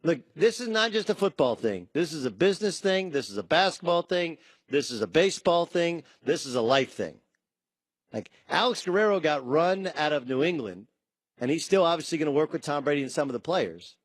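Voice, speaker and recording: Animated male sports talk host. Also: on the high side, fairly quick, no echo. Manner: animated, acts out quotes in shifting voices.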